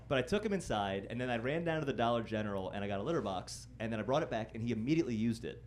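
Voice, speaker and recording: A young man performing a stand-up set in a comedy club, wry and self-deprecating, breaking into loud mock-singing and shouted impressions. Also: medium pitch, expressive, very fast. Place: comedy club stage before a live audience.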